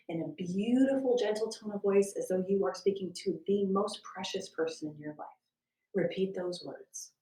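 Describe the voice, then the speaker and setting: Woman, guided meditation, soft and slow, roomy sound, far from the mic. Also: mid-range voice. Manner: slow, soft and soothing, drifting into whispers. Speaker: wellness instructor. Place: at home, landscaper heard outside.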